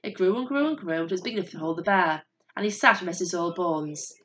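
A woman with a lowish voice narrates a fairy tale. Her delivery is steady and measured, like a storyteller reading aloud. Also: slight background noise.

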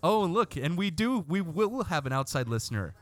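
A man hosting a casual podcast, making deadpan jokes at his co-hosts. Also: a little high, brisk, dry recording, faint music behind. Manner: joking, deadpan asides. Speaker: podcast host.

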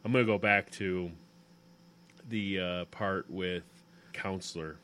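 A man's voice: low voice, fairly even intonation, slow pace, fairly bright tone, a little hiss or hum. A man co-hosting a casual podcast chat, talking with enthusiasm. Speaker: podcast co-host.

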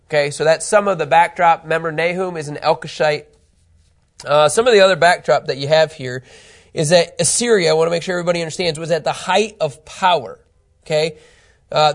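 A middle-aged man teaching a Bible lesson, animated and conversational, often checking in with his listeners. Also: fairly high pitch. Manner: animated, keeps asking "okay?" to check understanding.

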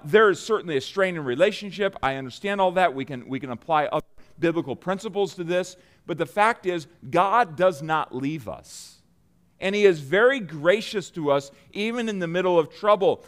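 A man with a notably high voice delivers a sermon to a congregation. He speaks earnestly, slowing down to lean on each line of scripture and stumbling into restarts as he explains it. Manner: earnest, slows down to stress scripture, frequent restarts. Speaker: preacher.

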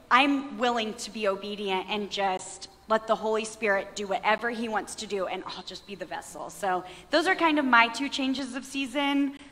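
A woman in her thirties, somewhat high and bright, tells her faith story in an earnest, reflective way. She pokes a little fun at herself as she goes. The sound carries a long hall reverb, like a church. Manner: earnest, reflective, lightly self-mocking. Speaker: panelist sharing testimony. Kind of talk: personal faith testimony on stage.

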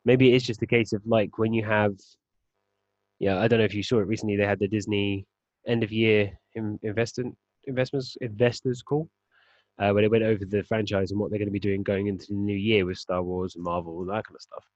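A man with a low voice argues his point in a measured, even way during a casual podcast chat. The recording is dull and dry. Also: no echo. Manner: measured, arguing a point calmly. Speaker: podcast co-host.

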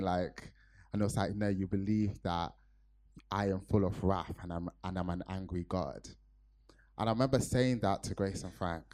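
Male preacher from Nigeria, low voice, earnest storytelling sermon. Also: dark tone.

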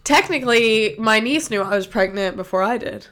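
A woman's voice: fairly high pitch, expressive, moderate pace, fairly bright tone. A woman in her thirties, a podcast co-host telling stories in casual chat, her voice stuffy from allergies. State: congested from allergies.

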